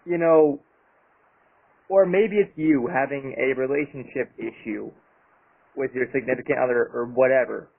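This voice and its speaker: A man's voice: medium pitch, fairly even intonation, normal speed, vocal fry, slightly rough. Angry swearing man, tinny sound. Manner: angry, profane, emphatic ranting. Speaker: YouTuber. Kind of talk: ranting vlog monologue.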